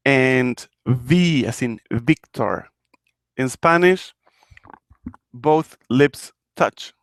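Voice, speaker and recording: Male Spanish teacher from Argentina, slow and patient, repeats every example phrase, dry close-mic sound. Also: mid-range voice, dry recording. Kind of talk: live online language lesson.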